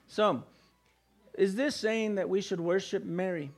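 A man's voice: high voice, a little slow, faint music behind. A male pastor preaching a sermon, emphatic and firing rhetorical questions at the congregation.

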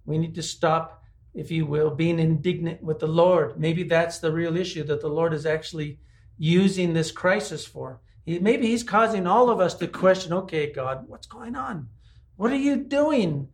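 A man's voice: on the high side, steady tone, moderate pace. A man preaching a conversational sermon, asking his listeners many rhetorical questions. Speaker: pastor.

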